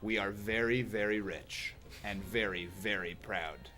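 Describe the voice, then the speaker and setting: A man's voice: fairly low pitch, measured pace, sharp tone. A man guest doing satirical in-character comedy, boasting in a smug, self-satisfied way.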